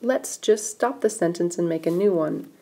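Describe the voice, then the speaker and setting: A woman's voice: lowish voice, moderate pace, dark tone. A woman teaching a recorded grammar lesson, patiently explaining step by step while pointing at examples on screen. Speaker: English writing teacher.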